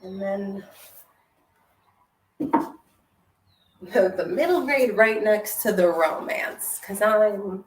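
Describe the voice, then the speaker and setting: A woman's voice: medium pitch, extremely slow, pauses often, recorded from a distance, slight background noise. A woman book vlogger chatting casually to herself while shelving books at home. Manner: chatty, musing, half to herself. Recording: roomy, off-mic with faint ambience.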